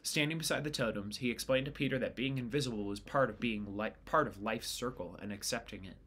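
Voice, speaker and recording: A man reading a novel chapter aloud in a steady, unhurried storytelling way. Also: medium pitch, slightly rough. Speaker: audiobook reader.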